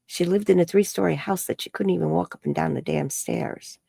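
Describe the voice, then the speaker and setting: A woman, an energy healer and psychic, telling a story in an interview and acting out the quoted dialogue in a higher voice. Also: brisk, gravelly, slightly rough, no room sound. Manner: acts out quoted dialogue with high bright voices.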